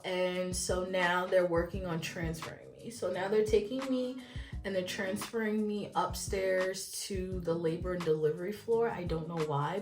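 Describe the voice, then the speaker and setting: A young woman vlogger telling a story casually and animatedly, with many fillers. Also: medium pitch. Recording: echoey room, distant from mic, faint music.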